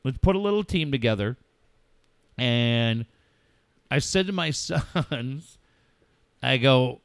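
A middle-aged man hosting a radio talk show, speaking about a personal loss in a heartfelt, halting way and swearing freely. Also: fairly high pitch, expressive, a bit bright, clean tone, no echo, studio quality. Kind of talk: emotional casual talk.

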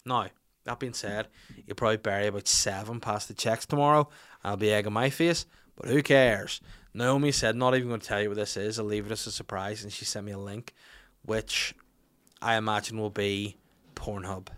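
A man's voice: on the low side, fairly even intonation, normal speed, a bit bright. A man, hosting a podcast in casual chat, reading out listener questions with blunt, jokey swearing. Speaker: podcast host.

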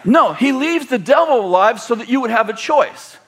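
A male pastor with a notably high voice, delivering a sermon in a loose, rambling way. He trips over his own phrases and restarts them. He also prompts the congregation to repeat key words back to him. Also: animated, moderate pace, fairly bright tone, slight background noise. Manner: rambling, self-correcting, leads the congregation in call-and-response.

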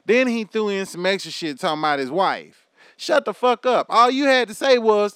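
A man's voice: high voice, a little fast, fairly bright tone, clean tone, dry recording, clean studio sound. A man in his thirties delivering a heated, profane, preachy rant straight to his audience. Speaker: vlogger.

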